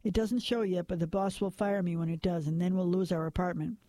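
A man's voice: high voice, fairly even intonation, fairly quick, warm tone, no room sound, lightly acted. A man voicing a young pregnant barmaid, tearful and defiant, reading an audiobook. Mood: tense, defiant.

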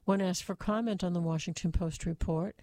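A woman reads the news in a steady, even manner, her voice low and mellow. The sound is dry and close, with no room around it. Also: brisk, no room sound. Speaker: news reader. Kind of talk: scripted news reading.

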